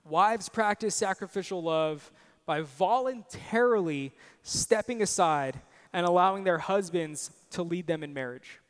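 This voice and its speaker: A man's voice: high voice, a little slow, clear, resonant tone, in a large hall. A young man preaching a sermon, earnest and personal, telling stories on himself with self-deprecating asides. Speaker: pastor.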